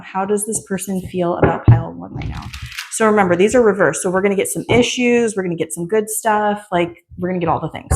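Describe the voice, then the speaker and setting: A pregnant woman hosts a tarot reading in a loose, chatty way, full of fillers and asides. Her voice sits in an ordinary middle pitch. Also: steady tone, a little fast, a little mellow, a little hiss or hum. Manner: chatty, rambling storytelling with many fillers. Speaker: tarot reader. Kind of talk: casual chat and tarot reading.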